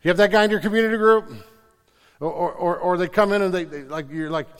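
A man preaching a sermon as pastor, animated, stammering into restarts and mimicking the people he describes. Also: high-pitched, fast, clean tone, big-room sound, faint music behind.

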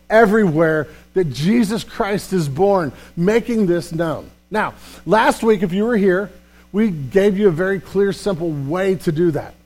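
A man pastor preaching a sermon in a church, animated and emphatic, often repeating words as he builds a point. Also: high voice. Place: church sanctuary.

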